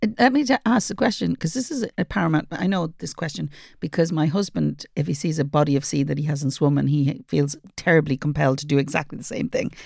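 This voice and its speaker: A woman's voice: low voice, quick pace, vocal fry, hardly any pauses, a little mellow, dry recording, clean studio sound. A woman co-hosting a casual chat, dropping wry, teasing quips.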